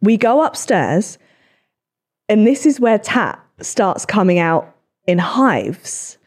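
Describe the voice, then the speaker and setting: Animated young woman telling stories. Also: mid-range voice. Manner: swearing, quick animated storytelling. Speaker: podcast host. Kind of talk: casual storytelling chat.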